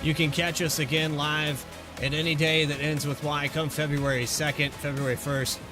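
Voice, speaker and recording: A man's voice: fairly high pitch, flat delivery, normal speed. A man signing off a sim racing broadcast, speaking in a heartfelt, folksy announcer manner. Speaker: broadcast commentator. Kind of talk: race broadcast sign-off. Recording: music playing behind the voice.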